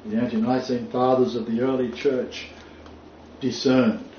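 A man's voice: mid-range voice, level tone, measured pace. Distant roomy preacher man. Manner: quotes scripture emphatically, rising on key phrases. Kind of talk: sermon. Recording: roomy, distant, dull, faint noise.

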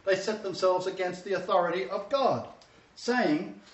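A man's voice: high voice, normal speed. A man preaching a sermon lecture, emphatic and repeating his key phrases. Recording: distant, roomy, dull sound.

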